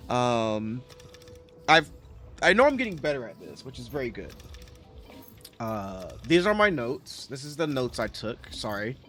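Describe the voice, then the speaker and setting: A man's voice: mid-range voice, very animated, unhurried, long pauses, a bit bright, soft background music. A man giving casual, rambling commentary over his factory-building game, correcting himself often as he talks. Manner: rambling, self-correcting, chatty. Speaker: game streamer.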